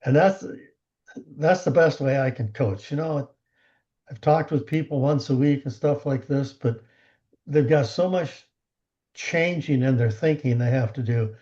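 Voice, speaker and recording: A man giving a motivational coaching talk on a team call, animated, acting out the conversations he retells. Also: medium pitch, muffled recording. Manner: animated storyteller who acts out quoted conversations.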